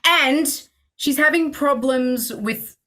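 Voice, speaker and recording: A woman's voice: takes it slowly, bright, forceful tone. A woman co-hosting a podcast with playful, theatrical improvised banter. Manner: theatrical, playful, swoops in pitch. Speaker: podcast co-host and improv teacher.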